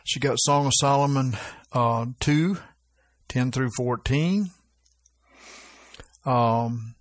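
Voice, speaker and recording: A man's voice: medium pitch, a little slow, no room sound. A man preaching an informal sermon, reading scripture aloud with lifted emphasis and often asking his listeners "right?".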